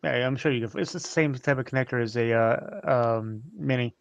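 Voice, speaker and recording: A man's voice: mid-range voice, fairly quick, creaky, dry recording, dull audio. A man joining a livestream as a guest, joking and teasing the host. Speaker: stream guest. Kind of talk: casual chat.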